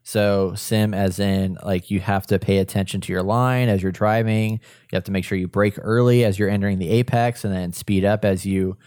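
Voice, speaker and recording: A man's voice: lowish voice, steady tone, moderate pace, darkish tone, dry recording, studio quality. A man from Texas co-hosting a casual video game podcast, chatty and enthusiastic when reading the news. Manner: upbeat, enthusiastic about racing games. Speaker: podcast co-host.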